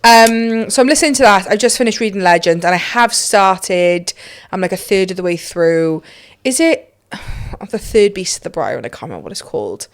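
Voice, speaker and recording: A woman's voice: medium pitch, lively intonation, normal speed. Gushing, swearing woman podcast host. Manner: gushing and emphatic, swears freely. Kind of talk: casual chat.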